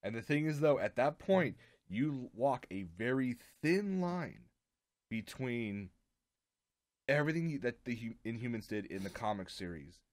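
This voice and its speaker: A man's voice: medium pitch, animated, measured pace, dry recording. A man co-hosting a casual chat show over drinks, explaining his points earnestly and at length. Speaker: co-host.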